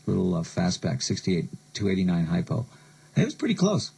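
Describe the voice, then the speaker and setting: A man's voice: low voice, huge pitch swings, a little fast, gravelly, a little mellow, breathy edge, low-quality recording. A man from the United States hosting a late-night radio show, telling stories and joking sardonically between songs. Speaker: radio DJ host.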